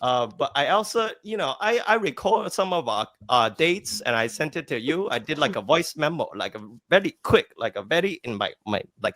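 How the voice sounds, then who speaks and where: A man's voice: fairly high pitch, very animated, normal speed, few pauses, fairly bright tone. A young man co-hosting a casual debate podcast, telling stories animatedly, laughing often and repeating himself. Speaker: podcast co-host.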